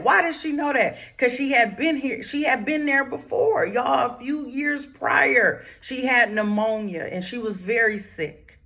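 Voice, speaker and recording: A woman therapist hosts a heartfelt talk on grief, with a voice pitched a little high. She speaks straight to her listeners, often calling them "y'all," in a preacher-like rhythm. She drops to near whispers and then rises with force. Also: lively intonation, unhurried, creaky, hardly any pauses. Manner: swings from hushed whispers to raised, forceful lines. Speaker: grief therapist and channel host.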